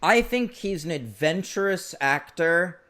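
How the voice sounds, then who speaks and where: A man's voice: sits high, lively intonation, a little slow, a bit bright. A man co-hosting a film podcast in casual chat, with a dry, sarcastic delivery. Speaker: podcast co-host.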